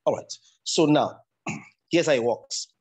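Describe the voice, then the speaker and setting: A man's voice: medium pitch, lively intonation, slow pace, husky. A man teaching public speaking in an online class, explaining step by step and repeating himself with frequent restarts.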